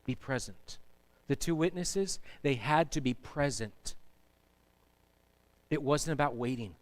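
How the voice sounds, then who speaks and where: A man's voice: medium pitch, expressive, slow pace. A man preaching a sermon as pastor in a church, emphatic and asking the congregation to answer back. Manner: emphatic, asks the congregation to respond. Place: church sanctuary.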